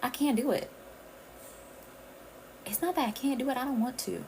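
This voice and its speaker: A woman from the Caribbean hosts a casual livestream, talking straight to her viewers and calling them y'all. Her voice sits at an ordinary pitch with a gravelly, fry-laden edge. A faint hiss of room ambience runs underneath. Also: moderate pace, a little mellow, rough recording. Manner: chatty, addresses viewers as y'all. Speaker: livestream host.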